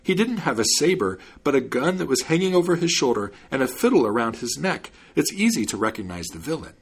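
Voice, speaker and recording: A man doing a shrill, wailing old peddler. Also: very animated, fairly quick, breathy edge. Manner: high, shrill and pleading.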